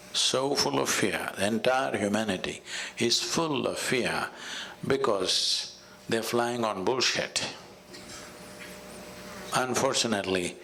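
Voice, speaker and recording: Gravelly Indian English spiritual teacher. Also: male voice, mid-range voice, slight background noise. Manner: measured and storytelling, with soft laughs. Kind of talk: conversational teaching with a told fable.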